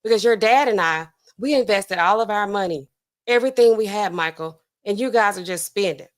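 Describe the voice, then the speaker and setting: A woman's voice: mid-range voice, a little fast, natural voice. A woman voicing a worried older mother who asks anxiously about her money.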